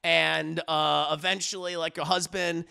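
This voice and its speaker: A man recapping a movie plot in a casual, profane and animated way. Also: on the high side, unhurried, gravelly, smooth. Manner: animated, profane, laughing as he tells it. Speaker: movie reviewer.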